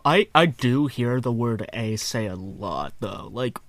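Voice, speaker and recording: A Canadian man co-hosting a podcast, chatting in an animated, joking way with quick asides. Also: medium pitch, no echo. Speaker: podcast co-host. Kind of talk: casual chat.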